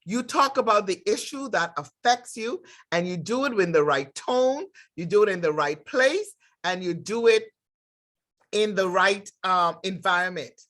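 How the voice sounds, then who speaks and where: A woman's voice: medium pitch, animated, unhurried, fairly bright tone. Middle-aged woman, direct instructor, emphatic lecture delivery. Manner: emphatic, direct, acts out workplace dialogues. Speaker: nursing instructor. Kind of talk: lecture with acted examples.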